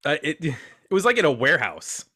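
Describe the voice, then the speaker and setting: A man's voice: a little high, big pitch swings, brisk, sharp tone, husky. A man hosting a casual podcast roundtable, chatty and self-deprecating as he introduces his guests. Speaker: podcast host.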